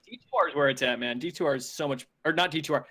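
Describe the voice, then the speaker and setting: A man's voice: a little high, very fast, pushed and bright. A man co-casting a mobile shooter tournament on a live stream, mixing laid-back joking banter with match calls. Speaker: esports co-caster. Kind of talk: live game commentary.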